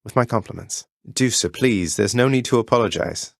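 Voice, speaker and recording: An actor voicing a young underworld prince in a video game, polite and earnest with elders, cheeky and wry with friends. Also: male voice, mid-range voice, normal speed, vocal fry, no room sound, studio quality.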